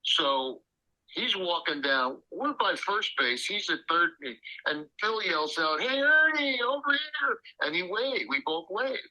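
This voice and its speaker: A man's voice: on the high side, expressive, a little slow, pushed and bright, highs cut off. A man telling anecdotes as an interview guest, acting out the quotes with animation. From Illinois. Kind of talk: storytelling interview.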